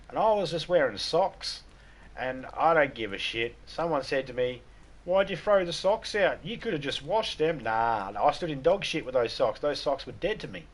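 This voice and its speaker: A man with an Australian accent chatting casually on a live game stream, telling crude, profane jokes. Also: mid-range voice. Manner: crude, profane, joking banter. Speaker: gaming streamer. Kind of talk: casual livestream chat.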